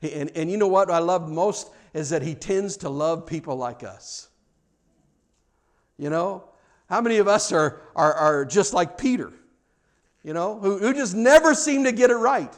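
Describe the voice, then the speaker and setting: A middle-aged man preaching a sermon as pastor, earnest and animated, often repeating words as he restarts his sentences. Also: on the high side, measured pace, long pauses.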